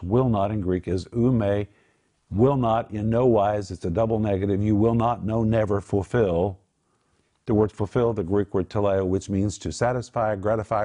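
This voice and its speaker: Man, low voice, Bible teacher, preaching style, emphatic, earnest. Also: darkish tone. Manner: earnest, emphatic, prays aloud. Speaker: Bible teacher on a Christian talk show.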